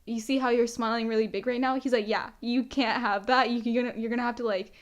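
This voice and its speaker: A teenage girl races through her story at a breakless clip, her voice sitting a little high. She chats casually as a podcast guest, stringing every thought together with filler words. Her telling is lively and excitable. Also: fast, highs cut off. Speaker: student trustee guest.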